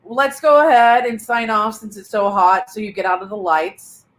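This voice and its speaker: An older woman with grandchildren, co-hosting a casual live chat, talkative and quick to laugh at herself. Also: mid-range voice, steady tone. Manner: chatty, self-deprecating, laughs often. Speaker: co-host.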